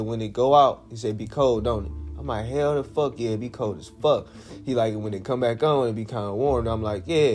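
A man's voice: mid-range voice, a little mellow. A man telling a story in a casual way, swearing a lot, using slang and often checking in with the listener.

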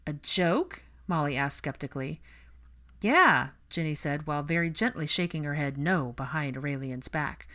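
Low-voiced woman narrating a story. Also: brisk, hardly any pauses. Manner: reads dialogue with lively pitch lifts. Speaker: fan fiction reader. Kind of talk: audiobook narration.

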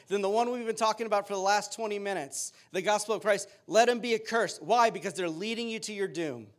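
High-voiced preaching man. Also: fast, few pauses. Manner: earnest preaching, reading scripture aloud. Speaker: pastor. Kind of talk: sermon.

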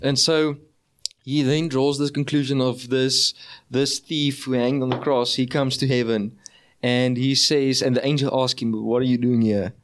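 A man talking in a casual Bible discussion, telling a story in a relaxed way with small hesitations. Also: medium pitch, unhurried.

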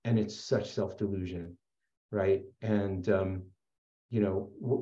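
Unhurried and mellow, this man's voice sits on the low side with fairly even intonation as he gives an earnest, rambling share at a recovery support meeting, full of fillers and restarts. The audio is muffled and echoes with reverb.

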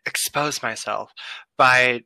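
A man's voice: mid-range voice, slow pace, creaky, bright, forceful tone, clear, resonant tone, dry recording, low-quality recording. A young man from the United States, co-hosting a casual podcast chat with a jokey, self-mocking manner. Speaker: podcast co-host.

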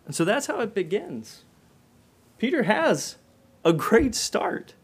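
This sermon comes from a male preacher whose fairly high, husky voice moves in a sing-song way at a slow pace. He swells to loud passages, then falls quiet and soft, and addresses questions straight to the congregation.

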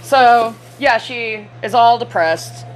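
A woman co-hosting a casual podcast chat about a movie, joking and acting out characters in deeper voices. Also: takes it slowly, slight background noise, rough recording. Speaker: podcast co-host.

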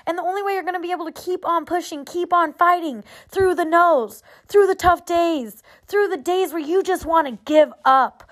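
Female motivational speaker, high voice, emphatic and repetitive, fired-up pep talk. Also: fairly bright tone.

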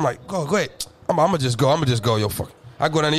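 A man telling stories in a casual chat, animated, with loud high bursts and low mutters, laughing often. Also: rapid-fire, few pauses. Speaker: podcast co-host.

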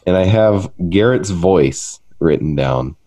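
A man's voice: sits low, lively intonation, takes it slowly, mellow. A young man hosting a casual podcast, joking about himself and laughing often as he talks. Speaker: podcast host.

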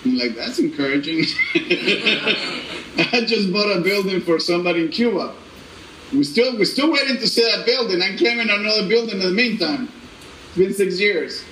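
A man giving an animated, storytelling testimony with laughter and halting restarts, in a church. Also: sits high, slight background noise. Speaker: speaker giving a personal testimony. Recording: echoey room with faint ambience.

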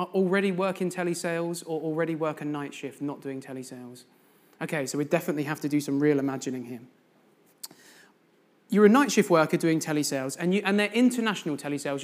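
Man preaching a lively sermon. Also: a little high. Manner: storytelling, addresses the congregation with questions. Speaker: guest preacher. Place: church.

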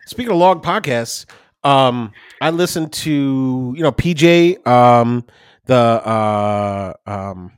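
A man's voice: medium pitch, expressive, slow pace, clean tone, dry recording. A man co-hosting a podcast in casual chat, rambling and swearing freely while recording at his desk. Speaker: podcast co-host.

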